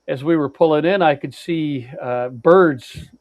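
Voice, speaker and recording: A man's voice: fairly high pitch, unhurried, a little mellow, no room sound. A man co-hosting a podcast, casually telling a long road-trip story with lots of fillers and restarts and some blunt swearing. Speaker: podcast co-host. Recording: dry, dull lo-fi sound.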